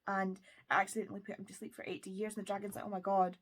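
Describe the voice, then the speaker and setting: A woman's voice: medium pitch, little pitch movement, racing, bright, forceful tone, slightly rough. A woman from the United Kingdom giving a casual, enthusiastic book wrap-up, chatty and now and then dropping to a whisper. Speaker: book vlogger.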